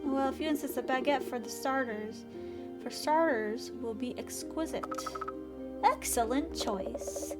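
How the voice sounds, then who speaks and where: A woman's voice: high-pitched, unhurried. A woman voicing a polite older male cinema owner in a put-on, inconsistent French accent, over game music. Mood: courteous. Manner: courteous, formal phrasing.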